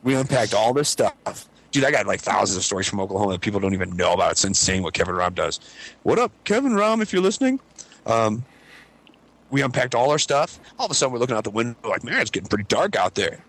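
A young man from Cleveland telling a story in casual chat, animated and swearing freely, acting out the other voices. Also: lowish voice, fast, husky. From Cleveland, Ohio. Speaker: podcast regular.

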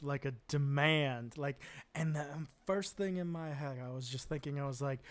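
A man's voice: fairly high pitch, unhurried. An American man hosting a casual solo podcast, telling stories in a rambling, self-deprecating way with frequent chuckles and fillers. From United States. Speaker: podcast host.

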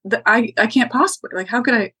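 A woman's voice: fairly high pitch, quick pace, sharp tone, breathy edge, pitched above the performer's own voice, exaggerated voice. A woman voicing a young girl apprentice in a folktale, polite but stammering when panicked.

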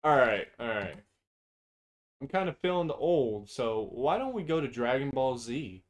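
A man's voice: mid-range voice, sing-song, a little slow. Blunt, profane man ranking anime. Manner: blunt and profane, opinionated, goes on tangents. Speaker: podcast co-host. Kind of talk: casual chat.

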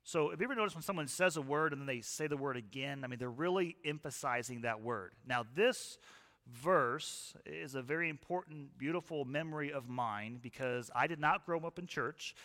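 Bright-voiced man preaching in a reverberant hall. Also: fairly high pitch, moderate pace. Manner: conversational, asks the audience questions. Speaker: pastor. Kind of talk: sermon. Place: church hall with live audience.

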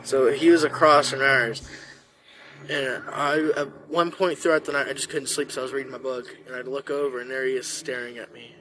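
A young man hosting a podcast, telling a story in an animated, profane way. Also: medium pitch, brisk, noisy background. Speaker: podcast host. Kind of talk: casual storytelling.

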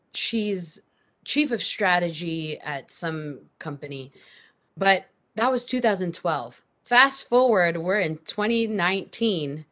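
A woman guest on a podcast, telling a personal story in an animated, emphatic way. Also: fairly low pitch. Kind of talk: casual storytelling interview.

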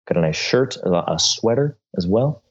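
A man speaks in a very deep, dry, deadpan voice as a podcast guest. His replies are short and understated. The recording sounds dull and lo-fi, with the top end muffled. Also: moderate pace, breathy edge. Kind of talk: casual comedic chat.

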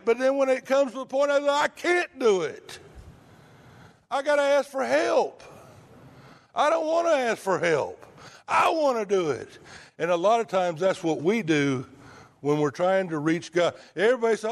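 A man's voice: high-pitched, lively intonation, normal speed. A man preaching a sermon in a conversational way, asking the congregation rhetorical questions.

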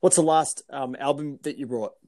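A man hosting a casual interview, asking rapid-fire questions in a relaxed way. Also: medium pitch. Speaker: host.

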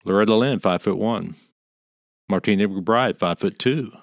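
A man's voice: lowish voice, normal speed, creaky, no echo. A man co-hosting a music podcast, telling stories and rattling off lists in a jokey, casual way. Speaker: podcast co-host. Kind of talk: casual chat.

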